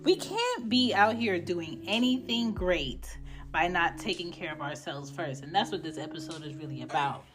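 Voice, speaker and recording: A woman's voice: lowish voice, expressive, normal speed, music in the background. A woman hosting a podcast on her own, giving a blunt, profane pep talk in a casual way. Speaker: podcast host.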